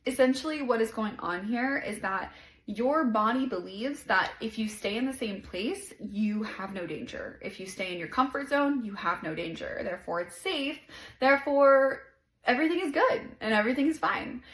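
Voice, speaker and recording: A woman hosting a casual self-help podcast, talking in a gentle, encouraging way and saying "like" often. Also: a little high, reverberant, low-quality recording. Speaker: podcast host.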